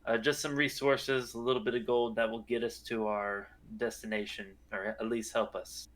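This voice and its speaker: A man playing a tabletop game, speaking in character in a polite, steady, slightly formal way. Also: medium pitch, normal speed. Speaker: player. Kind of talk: in-character tabletop role-play.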